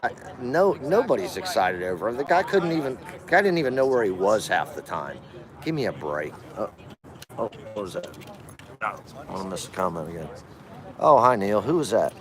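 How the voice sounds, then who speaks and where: A man's voice: lowish voice, sing-song, normal speed. Man, combative livestreamer, outdoor protest, challenges passersby, busy crowd behind. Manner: combative, calls out passersby to debate. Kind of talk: livestream commentary. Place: outdoors at a rally by a capitol building. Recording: outdoor rally crowd noise.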